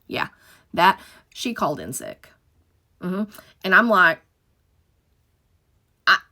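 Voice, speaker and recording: A woman's voice: medium pitch, pushed and bright. A middle-aged woman telling a story about her old dispatch job in a profane, emphatic, dramatic way. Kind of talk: casual storytime monologue.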